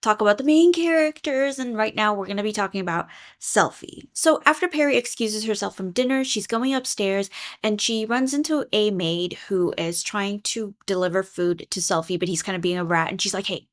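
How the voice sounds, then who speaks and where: A woman rambles casually through a story recap, chatty and unpolished. She is full of ums and likes, and drops the odd swear along the way. Her voice sits at an average pitch. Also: normal speed. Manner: chatty, lots of fillers, swears freely. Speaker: webtoon recap creator.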